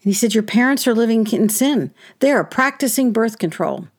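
A woman telling a personal childhood story in a lively, indignant conversational way, with wry asides. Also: fairly high pitch, fairly quick. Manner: animated, indignant, with wry laughs and quoted voices.

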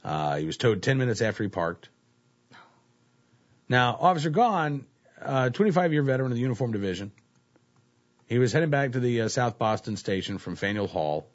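A man's voice: mid-range voice, a little fast, pauses often. A man hosting a casual talk show. He reads news stories aloud and uses many fillers like "uh, you know.". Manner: relaxed, filler-heavy, says "uh, you know" often. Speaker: host. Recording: dull lo-fi recording.

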